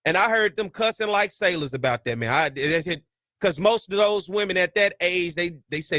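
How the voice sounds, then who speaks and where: A man's voice: high-pitched, moderate pace, no room sound, clean studio sound. A man hosting a sports talk podcast, talking casually and with fire, in folksy slang. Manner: animated, preachy, folksy slang. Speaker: podcast host.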